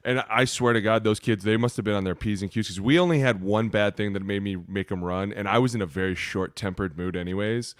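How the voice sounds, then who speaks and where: A man's voice: fairly low pitch, fairly quick, hardly any pauses, clear, resonant tone, dry recording, studio quality. A man co-hosting a podcast, telling a profane, rambling story in casual banter. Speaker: podcast co-host, former offensive lineman; youth football coach.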